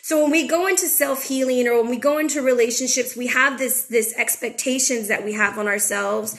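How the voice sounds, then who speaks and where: A young adult woman talks through a tarot spread in a loose, chatty way. She is frank and a little emotional. Her voice sits somewhat high for a woman. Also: brisk, fairly bright tone. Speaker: tarot reader and channel host. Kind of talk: casual spiritual chat with tarot reading.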